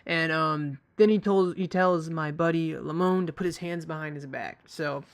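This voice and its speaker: A young man with a slightly higher-than-usual voice tells a story in a loose, casual way. He rambles, swears freely and fills gaps with "like" and "um", often restarting his sentences. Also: moderate pace, clean tone. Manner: rambling, profane, lots of fillers and restarts. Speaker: vlogger.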